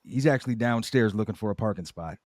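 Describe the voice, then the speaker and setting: A man's voice: lowish voice, quick pace, a little mellow, no echo. A man co-hosting a podcast, chatting casually about a sitcom episode with laid-back, dry asides. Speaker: podcast co-host.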